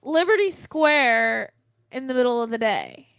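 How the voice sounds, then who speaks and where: A woman's voice: on the high side, lively intonation, a little slow, gravelly, a bit bright, clear, resonant tone, no room sound. A woman co-hosting a casual talk show, making blunt, matter-of-fact remarks. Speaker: co-host. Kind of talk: casual chat.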